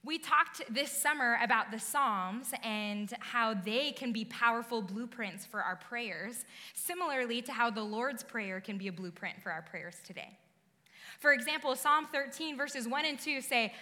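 A woman delivers a sermon, chatty and personal one moment and emphatic the next. Her voice sits a little high and rings bright and forceful. It carries a long reverb, as if spoken in a large hall. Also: expressive, a little slow. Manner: conversational and emphatic, rising to bursts of intensity. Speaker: pastor.

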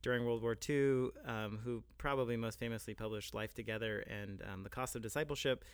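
A man's voice: mid-range voice, fairly even intonation, fairly quick, clean tone, no echo. A man in a casual podcast discussion, speaking in a scholarly way and leaning on fillers like "I mean" and "like".

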